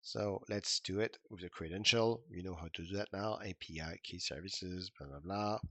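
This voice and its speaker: A man's voice: low voice, moderate pace, fairly bright tone, no room sound. A man giving an informal coding tutorial, thinking aloud with many fillers and restarts. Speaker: instructor. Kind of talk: screen-recorded coding tutorial.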